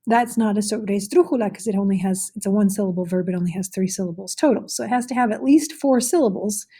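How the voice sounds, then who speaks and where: A woman's voice: mid-range voice, quick pace, dark tone, husky. A woman teaching a recorded Spanish pronunciation lesson, explaining patiently with frequent fillers.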